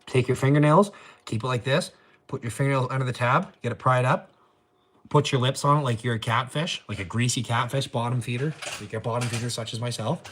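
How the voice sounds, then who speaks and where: A man's voice: mid-range voice, brisk, fairly bright tone. Joking man hosting a livestream. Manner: joking, crude, laughs often. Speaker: livestream host. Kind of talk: casual livestream chat.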